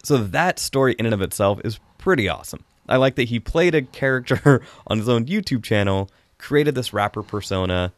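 A man's voice: mid-range voice, lively intonation, a little fast, few pauses, dry recording. A man hosting a casual podcast chat, reviewing a film in a rambling, chatty way with frequent laughs.

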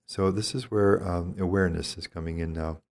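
This older priest teaches on spiritual matters, calm and contemplative. He measures each phrase in a gentle, thoughtful way, his voice very deep and low, and often halts in the middle of an idea.

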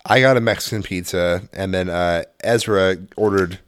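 A man's voice: low-pitched, moderate pace, smooth. A man in his thirties or forties, a father telling a profane family story on a casual podcast, laughing as he goes. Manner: profane, animated, laughing through anecdotes.

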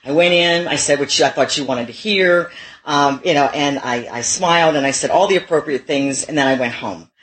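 A woman's voice: low-pitched, brisk, low-quality recording. A middle-aged woman giving a personal testimony at a recovery meeting, candid and self-mocking, with frequent laughs.

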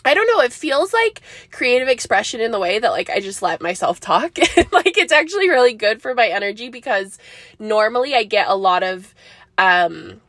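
Young woman, podcast host: chatty, rambling, giggly, slightly high voice, dry close sound. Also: very animated, normal speed, fairly bright tone, no room sound. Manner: rambling, bubbly, laughs often, many likes and ums. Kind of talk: casual solo podcast chat.

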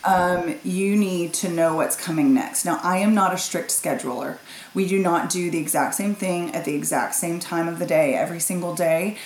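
Woman guest, low-pitched, lively talker; echoey room with faint noise. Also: moderate pace. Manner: lively, laughs easily, talks in long runs. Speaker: guest parent. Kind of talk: casual conversation.

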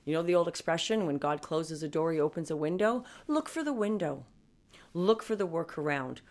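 A woman's voice: low voice, darkish tone. A woman in her fifties talking casually and emphatically to her viewers about advocating for yourself, often restarting her sentences. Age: 50s. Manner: chatty and emphatic, with frequent restarts. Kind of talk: casual personal talk to viewers.

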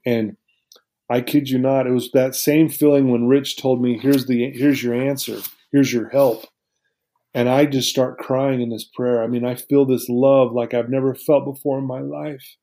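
A man's voice: mid-range voice, dark tone. A middle-aged man telling his life story to an interviewer, earnest and emotional, with many restarts. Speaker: guest.

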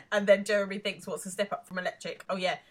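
A woman co-hosting a podcast in casual chat, recapping a TV episode, laughing often and pausing with hesitant ums. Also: mid-range voice, little pitch movement, slight background noise. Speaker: podcast co-host.

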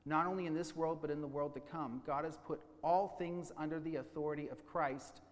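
A man preaching a sermon as a pastor, teaching with questions and slowing down to stress key points. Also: on the high side, big-room sound. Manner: teaching, with questions and slowed emphasis.

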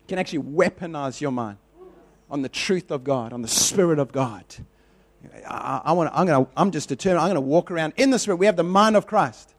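A man's voice: fairly high pitch, lively intonation, fast talker. A man preaching a sermon in a conversational, repetitive way, telling personal stories with animation.

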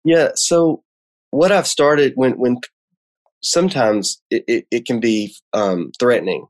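A man's voice: medium pitch, unhurried. A man speaking as a guest in a casual conversation, hesitant and full of restarts, explaining things like a teacher. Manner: hesitant, many restarts and fillers. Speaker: magician and guest.

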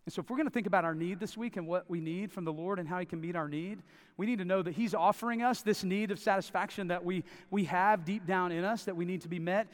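Guy preaching, pretty high voice, big echoey hall, keeps repeating stuff for emphasis. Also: fast. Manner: emphatic, repeats phrases for stress. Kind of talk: sermon. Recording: long reverb of a large hall.

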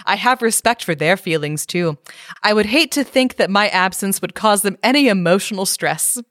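A woman voicing a polite, earnest middle billy goat in a storybook parody, a bit higher than her own voice. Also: expressive, normal speed, a bit bright, no room sound, studio quality, lightly acted. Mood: earnest excuse. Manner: earnest, reasonable, overly considerate.

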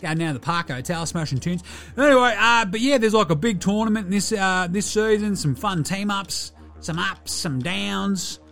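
Brief: a man playing a young bogan Aussie hoops player, broad accent, sweary rambling, pitched up high. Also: normal speed, creaky, fairly bright tone, soft background music. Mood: cheeky rambling. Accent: broad Australian. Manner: rambling, swearing, slangy, cheeky. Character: crude laid-back young male Aussie basketballer.

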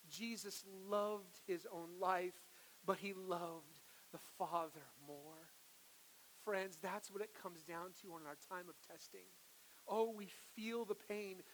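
A man preaching a sermon to his congregation, earnest, moving from hushed, slow lines to loud, emphatic ones. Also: sits high, a little hiss or hum, low-quality recording. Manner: earnest, swings from hushed to forceful. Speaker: pastor.

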